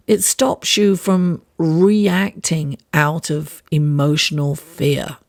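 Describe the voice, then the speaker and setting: Slow, raspy woman reading tarot. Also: deep voice, flat delivery, darkish tone. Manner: unhurried, reflective, many fillers and restarts. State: raspy voice, under the weather. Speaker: astrologer and tarot reader. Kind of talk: weekly horoscope and tarot reading.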